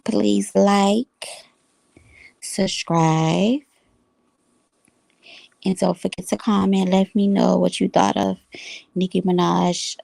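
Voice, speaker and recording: A woman vlogger, wrapping up her video in a slow, rambling way full of fillers. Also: medium pitch, fairly even intonation, creaky, a little mellow, no echo. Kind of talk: casual vlog outro.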